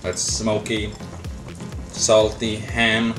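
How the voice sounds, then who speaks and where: A man's voice: on the low side, monotone, extremely slow, loud music behind the voice. Goofy young man hosting a cooking show. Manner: goofy, rambling, slips into silly voices and chants. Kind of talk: casual improvised cooking demo.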